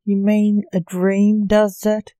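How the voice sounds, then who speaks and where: A curious young male wizard asks slow, emphatic questions with nervous puzzlement , as a woman voices him. The tone is mellow and the storybook reading dry and close. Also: medium pitch, completely flat delivery, no room sound, close to an everyday voice.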